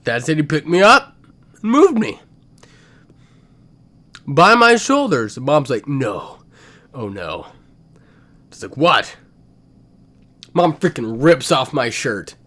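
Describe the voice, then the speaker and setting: A young man telling a comedic story, swinging between loud outbursts and muttered asides. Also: on the high side, big pitch swings, a little slow, long pauses.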